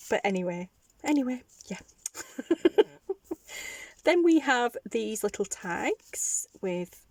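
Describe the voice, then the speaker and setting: A woman's voice: medium pitch, very animated, very slow, no room sound. A woman with a Northern English accent chatting casually to her viewers, rambling and giggly. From Northern England. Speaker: craft vlogger. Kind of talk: casual chat to camera.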